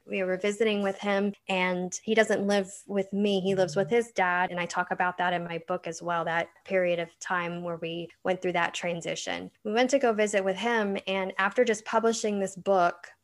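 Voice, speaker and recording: A woman's voice: mid-range voice, little pitch movement, moderate pace, few pauses. A middle-aged woman, an author being interviewed, telling personal stories in an earnest, chatty way and laughing often. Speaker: author guest. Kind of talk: casual interview chat.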